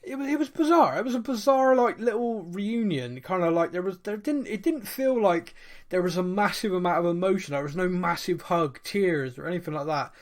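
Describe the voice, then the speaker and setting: A man's voice: sits high, brisk. A British man hosting a casual podcast chat, chatty and fond of mocking posh voices. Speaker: podcast host.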